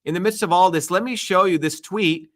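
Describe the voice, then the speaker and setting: A man's voice: high-pitched, fairly quick, a bit bright. A man, a political candidate, giving an impassioned, emphatic and crude livestream speech, full of repetition and profanity.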